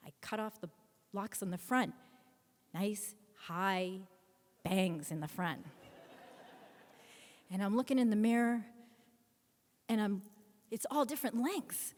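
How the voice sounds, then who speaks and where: A woman in her fifties telling a personal story live on stage, animated and acting out scenes. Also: medium pitch, unhurried, long pauses. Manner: animated, acts out scenes with voices. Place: stage in a hall. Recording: long hall reverb from a stage.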